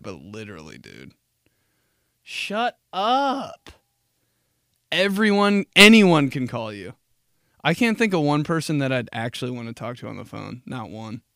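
A man's voice: a little high, a bit bright, no room sound, studio quality. A man in his twenties hosting a podcast, riffing in a casual comedic monologue, swearing freely and laughing at his own jokes. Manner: profane, laughs at his own jokes, jumps into mocking voices. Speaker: podcast host.

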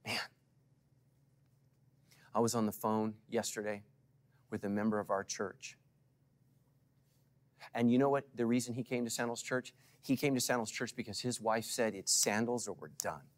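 A middle-aged male pastor preaching to a congregation, swinging from loud calls to hushed asides and asking for responses. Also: fairly low pitch, fairly even intonation, normal speed, long pauses. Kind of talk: sermon.

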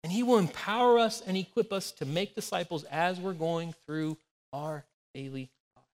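A man in his forties preaches in a relaxed, conversational way. He tells homely stories to make his points. His voice sits notably high for a man. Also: moderate pace, big-room sound. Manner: conversational, anecdotal, animated storytelling. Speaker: pastor. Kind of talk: sermon.

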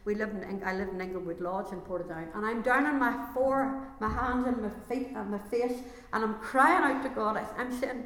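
A woman's voice: fairly high pitch, normal speed, few pauses, fairly bright tone. A woman giving an earnest, emotional personal faith testimony to a gathering. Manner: earnest, emotional, growing intense. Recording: echoey hall with long reverb.

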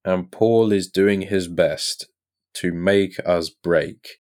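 A man, an actor guest on a podcast in a pub, telling lively anecdotes and acting out what others said. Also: sits low, slow pace. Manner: lively storyteller who acts out quoted lines.

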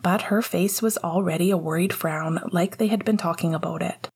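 Low, breathy woman reading aloud. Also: moderate pace. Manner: soft, half-whispered reading. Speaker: narrator. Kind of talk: audiobook reading of fiction.

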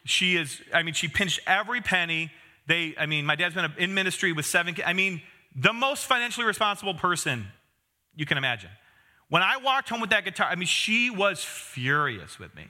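A man's voice: high-pitched, very animated, brisk, pushed and bright. A man in his thirties preaching a conversational sermon, with self-deprecating humor and asides to the congregation. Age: 30s. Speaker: pastor.

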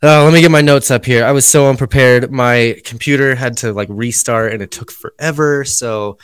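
A man hosting a casual podcast, excitable and breathless, often trailing off into quieter asides. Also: medium pitch, normal speed, smooth, no echo. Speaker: podcast host.

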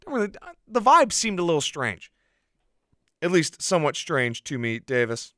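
A man hosting a casual podcast, chatting and reading out news in an animated way, with plenty of "like". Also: a little high, normal speed, no echo, studio quality. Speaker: podcast host.

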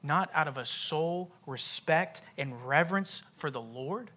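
A young man delivers a sermon in a bright, somewhat high voice. He moves from soft, nearly whispered lines to loud, emphatic repeated phrases, driving his points home. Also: expressive, measured pace. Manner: swings from hushed, whispered asides to loud emphatic repetition. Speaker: pastor.

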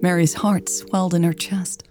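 A woman narrating a romance story in a calm, gentle and intimate reading. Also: fairly low pitch, moderate pace, soft background music.

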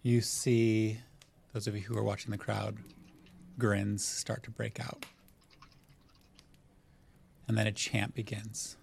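A man narrating a tabletop game as game master, setting scenes in unhurried, descriptive detail. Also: on the low side, flat delivery, gravelly, a little hiss or hum.

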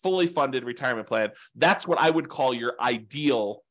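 A man's voice: medium pitch, expressive, moderate pace, fairly bright tone. A man teaching an informal class on real estate investing, talking in a rambling, conversational way with frequent asides.

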